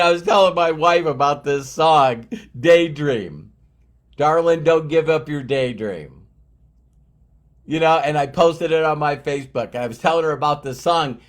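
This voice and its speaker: A middle-aged man giving an emphatic motivational talk to his team, repeating key phrases for effect. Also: on the high side. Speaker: motivational speaker.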